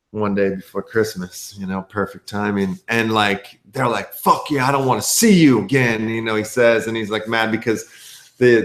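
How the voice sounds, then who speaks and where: A man's voice: on the low side, roomy sound. A man co-hosting a casual podcast, giving a rambling, profane recap of a movie. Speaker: podcast co-host.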